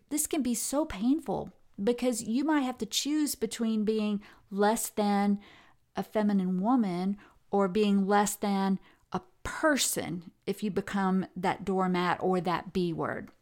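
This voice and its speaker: A woman's voice: mid-range voice, creaky. Chatty woman giving a lecture. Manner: conversational, with many fillers and self-corrections; animated, reads quotes aloud with expressive intonation. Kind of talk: recorded lecture on language and gender.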